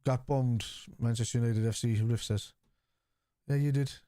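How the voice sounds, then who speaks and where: A man's voice: medium pitch, fairly even intonation, normal speed, mellow, smooth, no room sound. A man hosting a live fan watchalong, reading out and answering viewer chat in a blunt, casual way, swearing freely. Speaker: fan channel host.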